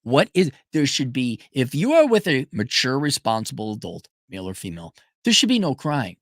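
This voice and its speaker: A man hosting a casual livestream, talking bluntly and emphatically, jumping between loud declarations and low muttered asides as he reads viewer messages. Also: huge pitch swings, brisk, dry recording, clean studio sound. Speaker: livestream host reading super chats.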